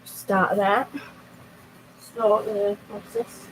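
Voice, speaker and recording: A young woman on a live stream at her home computer, talking in an unhurried, meandering way with plenty of pauses and restarts. Her voice sits mid-range, and a faint room hum runs behind her. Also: mid-range voice, flat delivery, low-quality recording. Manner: slow, rambling and halting, talking to chat. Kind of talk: casual live stream chat.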